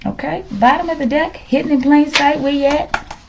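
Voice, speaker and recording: A woman's voice: sits high, normal speed, creaky, background noise. A middle-aged woman giving a casual tarot reading, musing aloud, questioning the cards and sometimes dropping to a whisper. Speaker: tarot reader.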